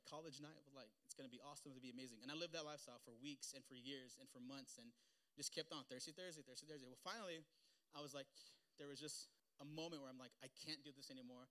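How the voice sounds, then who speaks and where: A young man preaching with a bright, slightly high voice. He speaks in a loose, animated, conversational way, weaving personal stories into his sermon and often leaning on "like". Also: fast talker. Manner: animated, conversational, heavy use of "like".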